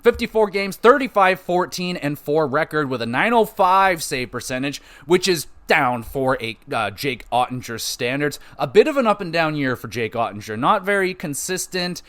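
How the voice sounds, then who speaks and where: A man hosting a casual solo sports podcast, rambling through stats with frequent swearing and quick self-corrections. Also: on the high side, lively intonation, a bit bright. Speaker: podcast host.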